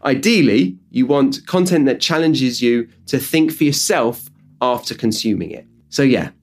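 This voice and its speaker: A British man hosting an English-learning podcast, explaining tips in a lively, jokey way. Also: medium pitch, a little slow. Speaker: podcast host and English teacher. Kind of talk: podcast lesson talk.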